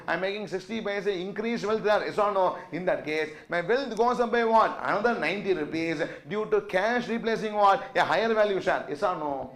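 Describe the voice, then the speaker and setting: A man's voice: high-pitched, a bit bright. A man with a lecturing a classroom, constantly asking questions and prompting the students to answer yes or no. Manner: call-and-response questioning, asks yes or no constantly. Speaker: teacher.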